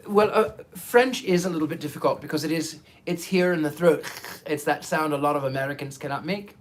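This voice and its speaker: A man's voice: a little high, fairly quick, a little hiss or hum. A man hosting a psychic livestream, chatting casually and reading viewer comments in a theatrical, affectionate way, often stammering and restarting.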